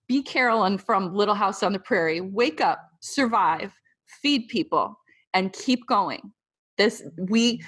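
A woman's voice: medium pitch, a bit bright, husky. A woman talking casually and candidly with a group, emotional and full of fillers like "like". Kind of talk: casual conversational talk to a group.

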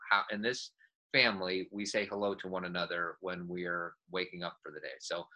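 A man's voice: sits low, steady tone, brisk, pushed and bright, highs cut off. A man co-hosting a podcast, giving reassuring parenting advice to a caller in a casual coaching manner. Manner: reassuring, coaching, speaks in restarts.

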